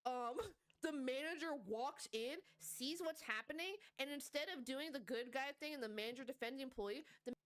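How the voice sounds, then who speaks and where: High-voiced woman rambling a story. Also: a bit bright. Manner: rapid rambling, heavy swearing. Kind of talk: casual storytelling chat.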